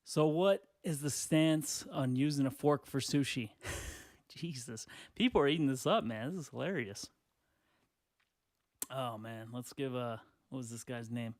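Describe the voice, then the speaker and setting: A man hosting a casual solo podcast, rambling crudely through online comments, laughing often and clearing his throat. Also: mid-range voice, measured pace, darkish tone, no echo, studio quality. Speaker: podcast host. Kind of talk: casual solo podcast reading tweets aloud.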